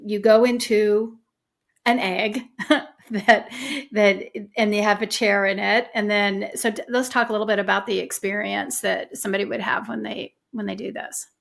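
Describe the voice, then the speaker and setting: A woman's voice: mid-range voice, flat delivery, measured pace, creaky, a bit bright. A woman hosting a podcast interview, talking in an earnest, emphatic way that rambles and repeats itself. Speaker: podcast host. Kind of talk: casual conversational interview.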